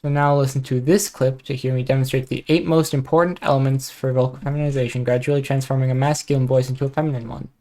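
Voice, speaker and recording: A woman's voice: very deep voice, fairly even intonation, quick pace, hardly any pauses, mellow. A woman streamer talking casually on a live stream, reading out an introduction and then chatting, easily distracted. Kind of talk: live-stream chat and commentary.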